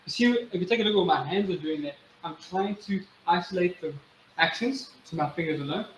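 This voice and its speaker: High-voiced male drum teacher in an echoey room. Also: fairly quick, slight background noise. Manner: counts aloud and chants drum rhythms; patient, encouraging teacher. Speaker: drumming instructor. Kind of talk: instructional demonstration. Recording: echoey room with loud drumming. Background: loud drum playing.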